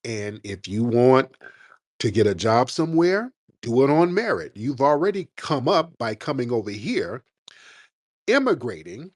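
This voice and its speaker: Man, radio call-in host, forceful lecturing delivery, animated pitch, dry sound. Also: no room sound. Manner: forceful, lecturing, slows for emphasis. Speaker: show host. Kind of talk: heated live call-in debate.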